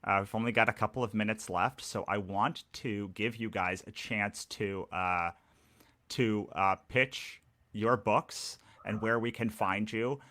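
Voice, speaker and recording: Bright, low-voiced man moderating a panel. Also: steady tone, a little slow, no room sound. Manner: hesitant, many fillers and restarts. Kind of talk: live panel discussion.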